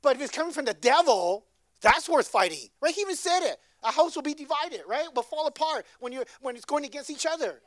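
A woman's voice: sits high, animated, a little fast, no room sound. Conversational woman preaching, dry sound. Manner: conversational, keeps asking "right?". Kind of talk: sermon.

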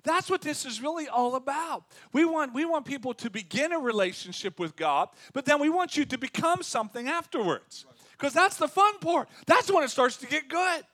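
A man preaching a sermon as pastor, talking in a lively, conversational way and acting out quotes. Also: extremely high pitch, moderate pace, hardly any pauses, dry recording.

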